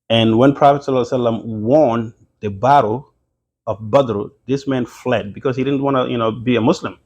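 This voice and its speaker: A man's voice: medium pitch, a little mellow. A man giving an informal religious history lesson, talking conversationally with many fillers and restarts. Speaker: religious teacher.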